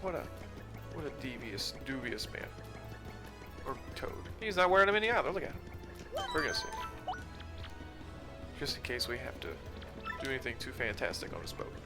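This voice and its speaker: A man's voice: medium pitch, very animated, moderate pace, long pauses, over music. A man casually commenting on a video game as he plays, joking and reading the game text aloud. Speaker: let's play streamer.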